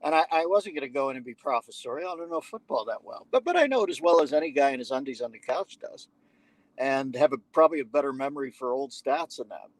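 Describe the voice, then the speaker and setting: A man swapping stories as a podcast guest, mid-pitched and conversational. He acts out the people in his tale and tosses in profane wisecracks along the way. The sound is dry and close, with no room echo. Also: quick pace. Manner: animated anecdote-teller who acts out what others said. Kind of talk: conversational storytelling.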